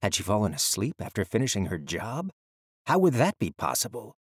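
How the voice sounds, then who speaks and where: A man narrating an audiobook in a steady, measured storytelling manner. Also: fairly low pitch, slightly rough, no echo, clean studio sound.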